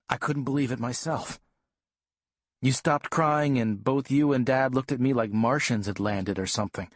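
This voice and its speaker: Guy reading an audiobook, calm even telling, mid voice, dry studio sound. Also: mid-range voice, moderate pace, no room sound. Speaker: audiobook narrator. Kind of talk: scripted first-person audiobook narration.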